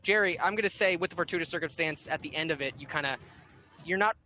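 Easygoing game master narrating play. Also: male voice, a little high, fast talker, bright, forceful tone, a little hiss or hum. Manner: easygoing, rambling with fillers.

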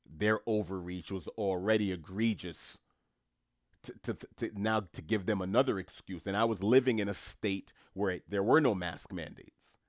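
A man from New York holds forth in a lowish voice, hammering his points home with repetition and scorn. He often restarts his sentences as he goes. The sound is dry and close, with no room echo. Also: moderate pace. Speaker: commentator. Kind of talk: opinionated solo monologue.

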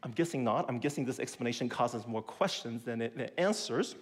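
A man's voice: medium pitch, fairly quick. A middle-aged male pastor giving a sermon in a conversational, emphatic way, with self-deprecating humor.

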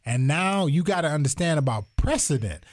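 A man in casual chat, animated and rambling, swearing freely and going off on asides. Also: a little high, brisk.

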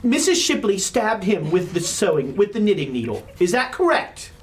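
A woman running a tabletop role-playing game as game master, questioning the players in a lively way. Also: mid-range voice, normal speed, slight background noise. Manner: lively, interrogating in character.

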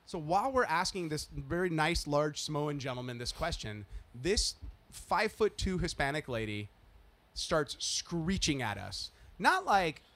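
A man's voice: a little high, measured pace. A man hosting a podcast, telling a story in casual chat and acting out the people in it. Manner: animated storytelling, acting out quotes. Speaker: podcast host.

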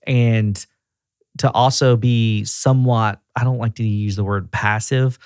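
A man who directs a group of auto repair shops, talking as a guest in a casual podcast conversation. He speaks in a relaxed, conversational way. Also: on the low side, measured pace, dry recording, clean studio sound. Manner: relaxed and conversational, often acting out quoted voices.

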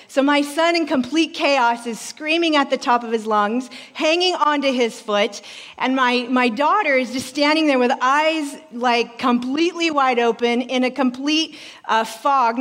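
A woman pastor in her forties preaching a sermon in a church, telling a story in an animated way and acting out voices. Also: high voice, normal speed. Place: church sanctuary. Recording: reverberant hall.

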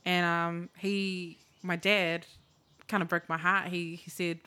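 A woman's voice: on the low side, little pitch movement, slow, pushed and bright, clear, resonant tone. A woman, co-hosting a casual chat, talking candidly, swearing freely and acting out the lines of people in her stories. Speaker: podcast co-host.

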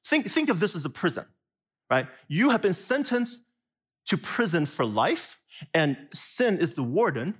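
A man preaching a sermon, animated, often asking his listeners questions. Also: high-pitched, unhurried, slightly rough. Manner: animated, asks the audience questions, laughs at himself. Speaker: pastor.

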